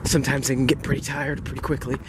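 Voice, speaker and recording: A man talking casually to the camera outdoors while out for a run, easygoing and relaxed. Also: mid-range voice, fast talker. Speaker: vlogger. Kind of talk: casual vlog talk. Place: outdoors on a street. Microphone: handheld camera mic. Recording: loud traffic and outdoor noise.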